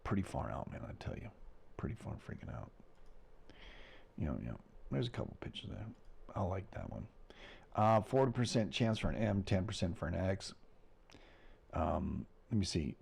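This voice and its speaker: American guy doing a laid-back space weather show, low gravelly voice that swings up and down a lot. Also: expressive, moderate pace, pauses often, darkish tone. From United States. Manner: loose, rambling, chuckles between remarks. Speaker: host of a space weather report. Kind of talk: casual livestream commentary.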